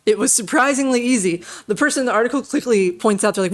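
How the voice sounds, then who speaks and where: A woman's voice: on the high side, quick pace. Dry, teasing tech show woman. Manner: dry, teasing, reads headlines aloud. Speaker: tech news show co-host. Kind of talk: casual news banter.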